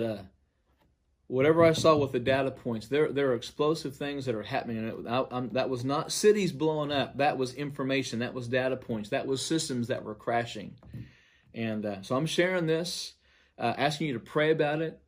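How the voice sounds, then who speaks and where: An earnest male pastor telling of a dream he had. He speaks at a middling pitch and leans hard on some phrases. His voice drops almost to a hush at the ends of others. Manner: earnest, with loudness swinging from emphatic to near-hushed. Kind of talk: recounting a dream to viewers.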